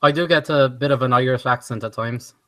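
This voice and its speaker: A man's voice: medium pitch, a little fast, bright, forceful tone, no echo. A man co-hosting a casual online group chat, telling jokes and reciting a comic poem. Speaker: podcast co-host.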